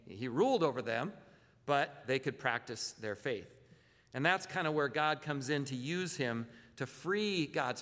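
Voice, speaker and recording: A man's voice: medium pitch, a bit bright, long reverb tail. A man preaching a sermon as a pastor, talking conversationally, often repeating words and posing rhetorical questions. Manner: conversational, self-correcting, asks rhetorical questions.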